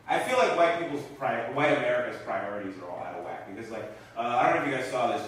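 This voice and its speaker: A young man doing a stand-up set in a small comedy theater, animated and loud when he acts out lines to the crowd. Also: lowish voice, heavy reverb, recorded from a distance, background noise.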